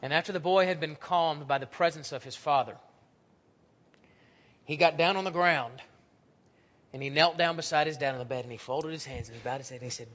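A man preaching a sermon in a church, telling stories and acting out the voices in them, swinging from loud to hushed. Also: a little high, brisk, pauses often. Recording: dull lo-fi recording.

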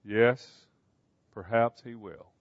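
A man's voice: mid-range voice, no echo, lightly acted. A man reading as a weary, resigned old king. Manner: quiet, measured. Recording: dull, dry recording.

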